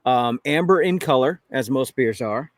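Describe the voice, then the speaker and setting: A man's voice: medium pitch, animated, moderate pace, no room sound. A man hosting a casual chat over drinks, rambling and correcting himself as he talks. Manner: chatty, rambling, self-correcting. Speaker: show host.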